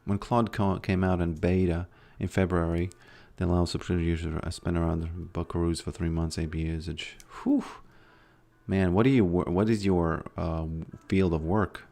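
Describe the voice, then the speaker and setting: A man's voice: low-pitched, steady tone, moderate pace, gravelly, warm tone. A man streaming a game and chatting casually with his viewers, laid-back and often trailing off mid-sentence. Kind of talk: casual livestream chat while gaming.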